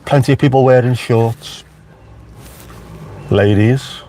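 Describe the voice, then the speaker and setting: A man's voice: mid-range voice, steady tone, normal speed, a little mellow, a little hiss or hum. Chatty man with a Liverpool accent. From Merseyside, England. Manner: chatty, wry, talks back to live chat. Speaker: vlogger live-streaming. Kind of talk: casual live-stream chat. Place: inside a car.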